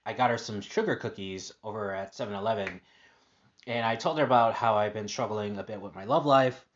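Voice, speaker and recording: A man's voice: lowish voice, brisk, dull audio. A man hosting a casual personal podcast monologue, upbeat and rambling with lots of fillers and restarts. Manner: upbeat, positive. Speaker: podcast host.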